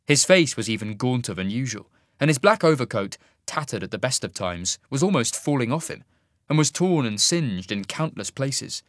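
A man narrates a fantasy audiobook with a very lively, swooping pitch. His storytelling delivery is expressive, and the recording is dry and close. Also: normal speed, dry recording.

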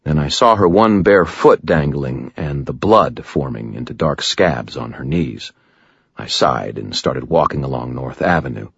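A man's voice: very deep voice, lively intonation, unhurried, gravelly, husky, dry recording, muffled recording. A man narrating an audiobook in the first person, with dry, wry storytelling.

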